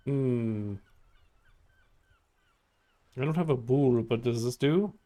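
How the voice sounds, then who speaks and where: A man's voice: medium pitch, slow, mellow. A young man giving chatty, giggly commentary while streaming a game and reading choices aloud. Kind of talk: casual gaming commentary.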